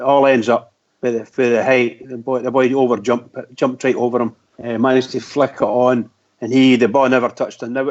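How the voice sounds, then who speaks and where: A man's voice: mid-range voice, darkish tone. A man breaks down a match in casual talk, exasperated and rambling. The sound is dull and lo-fi, like an online call. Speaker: pundit. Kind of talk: casual football analysis.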